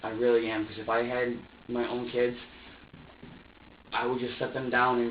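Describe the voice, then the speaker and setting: A man's voice: mid-range voice, monotone, moderate pace, long pauses. A man being questioned in an interrogation room, talking in rambling, repetitive bursts and replaying his own words. He sits away from the mic in a bouncy room, with a dull, lo-fi sound and a faint hiss behind him. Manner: rambling, repeats himself, acts out what he said. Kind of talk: police interrogation. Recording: echoey, distant, dull lo-fi room recording.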